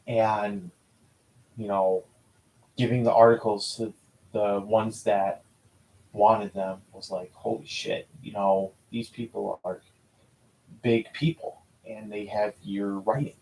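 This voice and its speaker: Guy rambling through his old stories, slow and mellow, lots of restarts and swearing. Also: on the low side, poor audio. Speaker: vlogger recalling school newspaper interviews. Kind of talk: casual personal storytelling.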